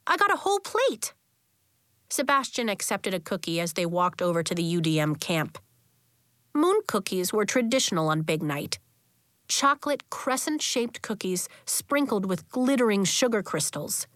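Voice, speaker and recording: A woman narrates a children's novel with an expressive, storytelling lilt. Her voice sits at a middling pitch and is recorded close to the mic, dry with no room echo. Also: normal speed. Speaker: audiobook narrator.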